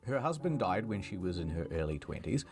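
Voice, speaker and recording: A man's voice: low-pitched, sing-song, fairly quick, creaky, music in the background. A man narrating a history comedy video in a playful, mock-dramatic way.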